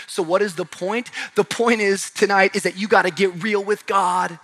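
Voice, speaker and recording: Man, pastor, high-pitched, bright and forceful, sermon, shouts then hushes. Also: normal speed, few pauses. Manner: passionate, swings from shouting to hushed. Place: large church auditorium.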